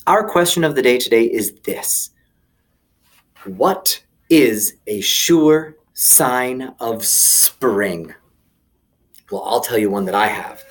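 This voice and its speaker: A man's voice: medium pitch, animated, slow. A man hosts a video lesson for young children. His playful, enthusiastic voice swings widely up and down, and he talks directly to his viewers as he gets ready for songs and a story. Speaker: children's teacher.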